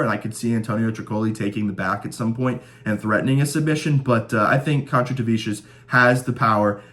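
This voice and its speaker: On his casual fight-predictions show, a man with a lowish voice and fairly bright tone enthusiastically makes his picks. His talk is chatty and heavy with rattled-off stats.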